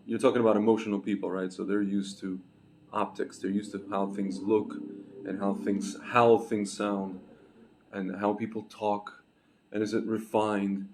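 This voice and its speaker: A man's voice: fairly low pitch, gravelly, a little mellow. A man giving a rambling, emphatic monologue to camera from a small room, repeating himself and calling his listeners "my friends" and "guys". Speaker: online commentator. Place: small room, recently moved in.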